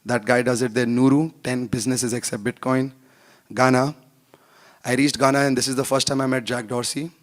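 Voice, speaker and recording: A man speaking from a conference workshop stage into a microphone, at an ordinary middle pitch. He tells his stories in a lively way, playing out each exchange of dialogue himself. His English is simple and direct, with the phrasing of a non-native speaker. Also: brisk. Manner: animated, acts out dialogue in anecdotes. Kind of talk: storytelling conference talk.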